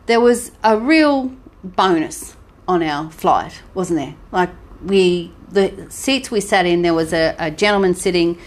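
Australian woman podcast co-host, lower-pitched, chatty storyteller. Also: a little slow. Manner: chatty, animated storytelling with laughs. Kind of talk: casual travel chat.

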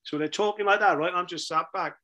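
A man's voice: high voice, brisk, sharp tone. A middle-aged man with a Welsh accent telling casual anecdotes, laughing often and checking in with "right?" as he goes. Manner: chatty, laughs often, repeats "right?" for emphasis. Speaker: storyteller recounting his career.

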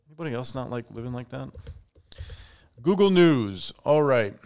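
A man's voice: mid-range voice, moderate pace, smooth. A young man hosting his own podcast, talking casually and with strong opinions in a chatty solo monologue. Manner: chatty, opinionated, animated asides. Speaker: podcast host.

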